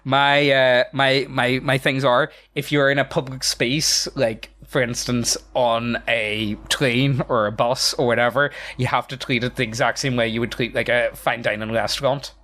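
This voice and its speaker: A man's voice: mid-range voice, fairly even intonation, normal speed, few pauses, bright, forceful tone. Easygoing male podcast host. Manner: easygoing, agreeing often and laughing along. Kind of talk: casual podcast chat.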